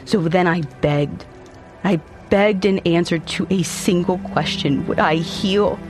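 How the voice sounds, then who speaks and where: A man with a high voice reads a dark first-person story aloud. His telling is brooding and theatrical, leaning hard into the tension of each line. Faint music plays underneath. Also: takes it slowly. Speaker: narrator.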